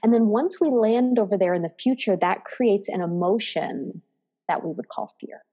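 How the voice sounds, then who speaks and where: A woman's voice: medium pitch, normal speed, mellow, big-room sound. A woman co-hosting a podcast in casual, reflective chat, often laughing. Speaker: podcast co-host.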